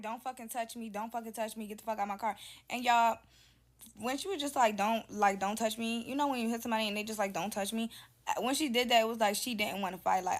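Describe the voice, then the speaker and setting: Woman, casual story time, blunt and profane, mid-pitched, quotes dialogue.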